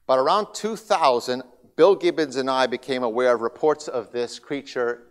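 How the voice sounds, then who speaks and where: A man's voice: medium pitch, moderate pace, clean tone. Man speaking in a reverberant hall. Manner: lively storyteller, grows loud and excited in anecdotes. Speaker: guest speaker. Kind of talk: church seminar talk.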